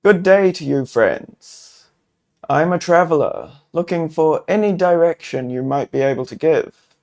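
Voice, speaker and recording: A man's voice: on the high side, expressive, slow, vocal fry, darkish tone, voice pushed up, heavily acted. A man voicing a courteous adventurer hero. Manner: formal, courteous heroic speech. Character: human adventurer hero, polite and earnest.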